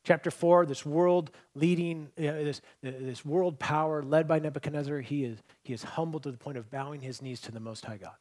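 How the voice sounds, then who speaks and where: A man preaching a sermon in a church, his voice sitting a little higher than most men's. He tells stories, and his delivery swings between loud, emphatic points and quiet, hushed lines. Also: brisk, hardly any pauses. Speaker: pastor. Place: church hall with congregation.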